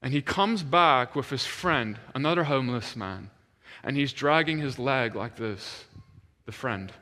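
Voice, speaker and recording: A man's voice: medium pitch, unhurried. A man preaching a sermon, telling a story and animatedly acting out the voices of the people in it. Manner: animated, acts out quoted voices. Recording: long hall reverb.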